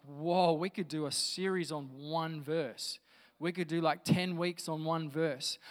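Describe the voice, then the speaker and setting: A man's voice: on the high side, a bit bright, long reverb tail. A man pastor giving a conversational, enthusiastic sermon to his church.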